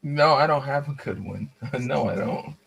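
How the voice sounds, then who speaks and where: A man's voice: medium pitch, a little slow, vocal fry, crowd noise. A man from Africa, a guest on a casual panel podcast, chuckling and bashful at first, then matter-of-fact.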